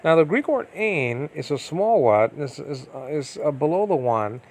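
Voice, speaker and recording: A man's voice: a little high, expressive, moderate pace, a little mellow. A man teaching biblical Greek in an informal, rambling way, with many fillers and restarts, often asking if listeners follow.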